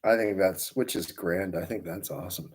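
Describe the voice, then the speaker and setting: A man twists balloons on a livestream, chatting casually with viewers, greeting them by name and wandering into friendly asides as his hands keep working. His voice is low and slightly dark, at a moderate pace, with a little background noise.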